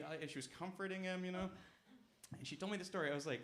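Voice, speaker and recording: A young man performing a stand-up set at a comedy club, with deadpan, self-mocking asides. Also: high-pitched, very fast. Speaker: stand-up comic.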